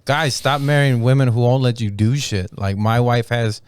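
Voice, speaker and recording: A man's voice: medium pitch, normal speed, clean tone, no echo. A married man, a comedian guest on a podcast, telling crude rambling stories in casual banter. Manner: rambling storytelling, crude jokes.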